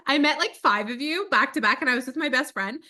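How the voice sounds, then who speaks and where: A woman in her thirties with a high voice and a bright tone, co-hosting a relaxed podcast. She tells animated, chatty stories full of fillers. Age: 30s. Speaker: podcast co-host. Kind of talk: casual chat.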